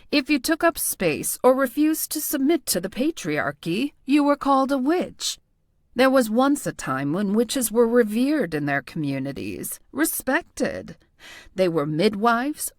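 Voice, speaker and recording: A woman reading a calm, knowing tarot reader. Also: fairly high pitch, no echo, clean studio sound. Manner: calm, knowing, lightly teasing. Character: poised middle-aged woman tarot reader, patient, wise. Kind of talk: audiobook character voice.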